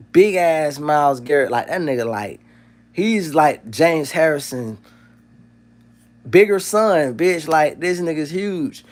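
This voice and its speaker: A man hosting a livestream, talking in a loose, profane, joking rant. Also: medium pitch. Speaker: livestream host.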